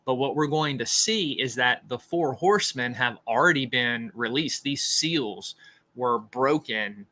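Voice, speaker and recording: A man leads an informal Bible study, talking it through in an earnest, explanatory way as he works out his points. His voice is bright and forceful, and its pitch sits in the ordinary middle range for a man. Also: animated, a little slow. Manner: earnest and explanatory, thinking aloud. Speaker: podcast host teaching scripture.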